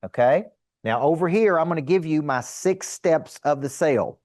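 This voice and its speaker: A middle-aged man teaching a seminar to a live audience as a sales coach, energetic and emphatic, asking rhetorical questions. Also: a little high, normal speed, no room sound, studio quality.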